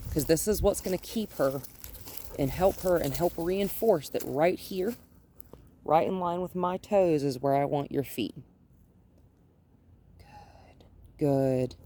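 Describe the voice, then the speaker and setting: A woman dog trainer giving an outdoor training demonstration, calmly coaxing and praising a dog while plainly explaining each step. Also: low voice, slight background noise. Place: outdoors by her front yard and gate.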